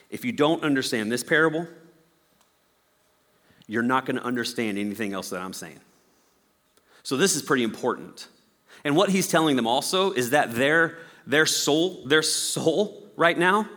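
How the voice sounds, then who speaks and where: A man's voice: medium pitch, fairly bright tone, big-room sound. A man preaching a sermon as a pastor, telling a story with playful acted-out voices.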